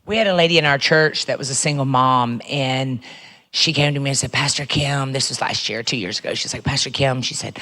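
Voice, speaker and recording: Pastor telling an animated story. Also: medium pitch, a little fast. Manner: animated storytelling, acts out quotes. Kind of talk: storytelling at a church seminar.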